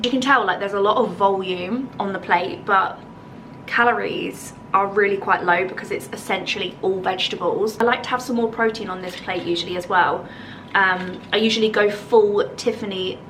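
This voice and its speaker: A woman's voice: mid-range voice, a bit bright, distant mic, a little hiss or hum, rough recording. A woman with an English accent chatting casually in a home vlog, bubbly and thinking aloud as she tastes food, then tidies the garden. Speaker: lifestyle vlogger.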